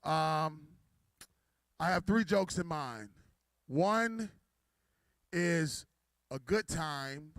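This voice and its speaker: Brief: playful male emcee, high voice, dry close sound, teasing the crowd. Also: animated, extremely slow, pauses often, fairly bright tone, dry recording. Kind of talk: stand-up joke telling at a gala.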